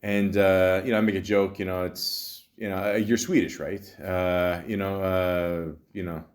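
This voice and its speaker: A man's voice: sits low, level tone, unhurried. A man in his forties hosting a podcast, telling a rambling, wry story in a casual monologue full of fillers and restarts. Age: 40s. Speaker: podcast host.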